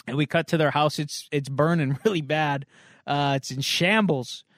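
A man with a high voice casually retells a comic book plot on a podcast. He is animated and chuckles between beats. The sound is close and dry, with no room echo. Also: moderate pace. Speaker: podcast co-host.

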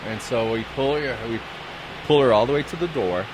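A man's voice: mid-range voice, fairly quick. Man telling a story over street noise. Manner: rambling retelling with quoted dialogue. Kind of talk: casual anecdote.

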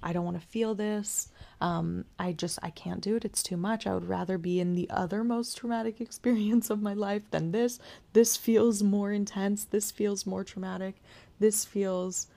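A young woman hosting a podcast, candidly telling a personal story with whispered asides and soft laughs. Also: mid-range voice, steady tone, normal speed, gravelly. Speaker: podcast host sharing her birth story.

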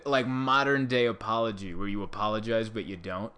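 A man's voice: on the low side, a little fast, hardly any pauses, bright, forceful tone. A man who works as a stand-up comedian, talking to camera in a casual, sarcastic, rambling monologue.

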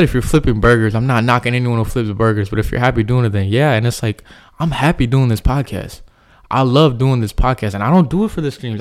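A young man hosting his own podcast, talking earnestly and reflectively in a loose, rambling monologue full of fillers. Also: medium pitch. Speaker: podcast host.

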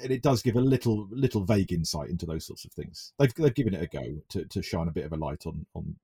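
A man's voice: low voice, expressive, fast, vocal fry, mellow, husky. A man from England co-hosting a casual film podcast, hesitant, with many restarts. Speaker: podcast co-host.

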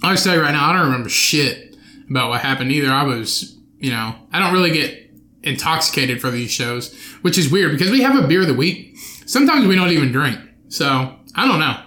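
A young man rants alone into his podcast mic, swearing freely and breaking off his own sentences. His voice is bright and a little high, with an edge to it. The room around him rings with echo. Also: expressive, fairly quick. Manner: profane, rambling, self-interrupting. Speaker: podcast host. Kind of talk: solo podcast rant. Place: bedroom home studio with his dog.

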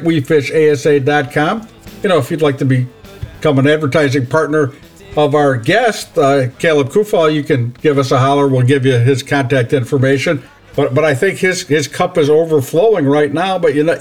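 A man's voice: a little high, moderate pace, soft background music. A man hosting a fishing podcast in a casual chat, talking freely and often repeating words as he restarts. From Northern Illinois. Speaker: podcast host.

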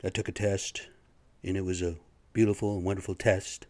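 A man's voice: sits low, level tone, normal speed, a little mellow, no room sound, close to an everyday voice. A man mocking a boastful male politician. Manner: repetitive, boastful. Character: boastful male politician bragging about a test.

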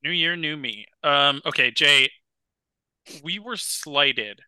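A young man co-hosting a casual podcast, telling stories with lively, worked-up energy. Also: fairly high pitch, slow pace, clear, resonant tone, no echo. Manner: animated storyteller, gets loud and worked up. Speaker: podcast co-host. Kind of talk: casual chat.

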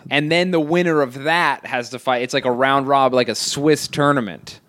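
A young man in casual chat, telling stories in an animated, swearing, jokey way. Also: medium pitch, normal speed, no room sound.

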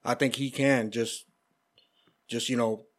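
Man, casual sports chat, mid-pitched, hesitant, questioning. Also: fairly even intonation, unhurried.

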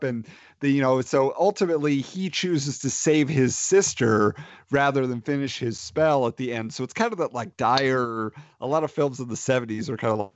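A man's voice: medium pitch, no room sound. A man co-hosting a podcast, chatting casually about films and telling long stories full of fillers like "like" and "you know". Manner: rambling, filler-heavy storytelling. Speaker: podcast co-host. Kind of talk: casual movie chat. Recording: dry, dull lo-fi sound.

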